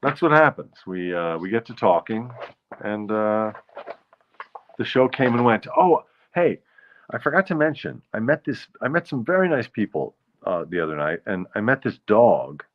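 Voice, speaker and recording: A man's voice: animated, normal speed, highs cut off, slight background noise. A man hosting his own show, chatting in a jokey, rambling way. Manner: jokey, rambling, breaks into falsetto bits. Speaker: show host. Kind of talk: casual solo show chat.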